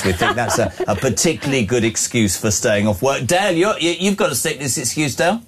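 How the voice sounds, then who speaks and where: Male radio host, jokey and brisk, mid pitch. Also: expressive, a little hiss or hum. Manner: jokey, brisk, reads out listener messages. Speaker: radio breakfast show host. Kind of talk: live radio talk.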